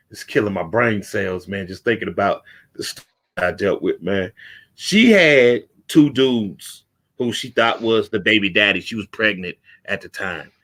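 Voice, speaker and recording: A man hosting a casual talk show, telling a street story with lively acted-out quotes. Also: on the low side. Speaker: podcast host.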